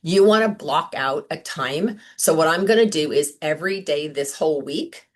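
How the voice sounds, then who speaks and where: Chatty low-voiced woman coaching on a call. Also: lively intonation, moderate pace. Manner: chatty, upbeat, lots of "like" and "right?". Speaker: sales director coaching consultants. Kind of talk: casual training talk on a video call.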